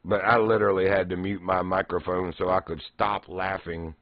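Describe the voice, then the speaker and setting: A man's voice: low voice, flat delivery, moderate pace, no room sound, lo-fi sound. A man streaming, casually telling old gaming stories and laughing often. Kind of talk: casual storytelling.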